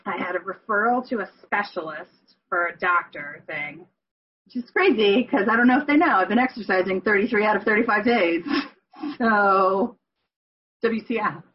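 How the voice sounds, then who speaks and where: Woman, husky, candid, rambling, self-correcting, lo-fi call audio. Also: mid-range voice, normal speed. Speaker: group member sharing. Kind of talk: candid personal sharing.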